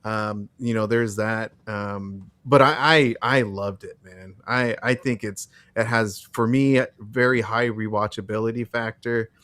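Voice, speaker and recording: A man with a bright, forceful tone, co-hosting a relaxed film review chat. He weighs his opinions slowly, stopping and restarting often. His voice sits in a middle pitch and sounds dry and close to the mic. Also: no room sound. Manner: hesitant, with frequent fillers and restarts. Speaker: podcast co-host.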